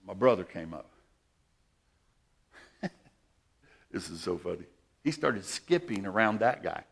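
A man preaching a sermon, repeating phrases and swinging between loud bursts and hushed asides. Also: low-pitched, big pitch swings, a little slow, gravelly, husky.

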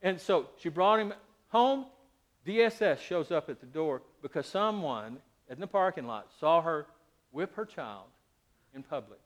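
A middle-aged male pastor preaching a sermon, animated, shifting between loud emphasis and quiet asides. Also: a little high, measured pace.

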